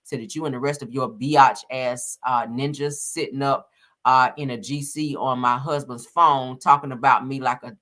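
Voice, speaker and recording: A woman commentating on celebrity gossip, reading out text messages haltingly with many fillers and casual slang asides. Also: a bass voice, steady tone, a bit bright.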